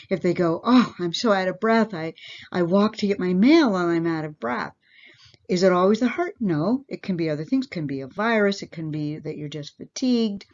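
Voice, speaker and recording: A woman's voice: fairly low pitch, a little mellow. A woman parish nurse giving a plain-spoken health lesson to her congregation, asking her listeners questions directly. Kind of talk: health education talk to a congregation. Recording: dull lo-fi recording.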